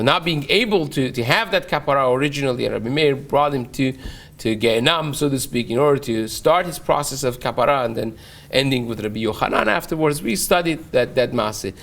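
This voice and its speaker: A man teaching a Talmud class online, telling the story lively and acting out the dialogue. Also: medium pitch. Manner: animated storyteller, acts out dialogue, frequent restarts.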